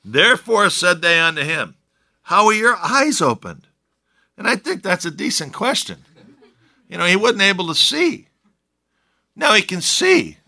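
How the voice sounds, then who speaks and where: A man's voice: high-pitched, big pitch swings, moderate pace, gravelly, sharp tone. A man preaching a sermon in a conversational way, with joking asides to his listeners. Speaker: pastor.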